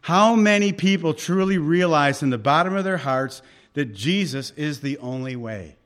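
A man preaching a sermon. He fires off rhetorical questions, then drops suddenly to a hush. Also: on the high side, expressive, normal speed. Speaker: pastor.

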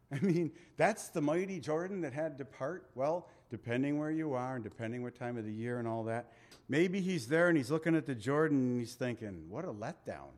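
A man's voice: mid-range voice, moderate pace, a little mellow. A male pastor preaching a sermon in a conversational way, with asides, small laughs and scripture read in a raised voice.

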